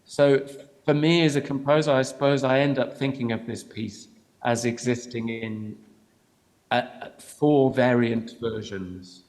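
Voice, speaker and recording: Male composer, panel speaker, thoughtful and measured delivery. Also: mid-range voice, steady tone, darkish tone, poor audio. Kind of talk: panel answer.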